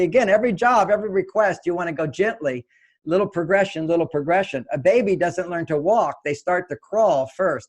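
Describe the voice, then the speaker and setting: An older man giving relationship advice in an interview, explaining gently and acting out small exchanges between partners. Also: sits high, poor audio. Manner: gentle, explanatory, acts out little dialogues. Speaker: relationship author and guest.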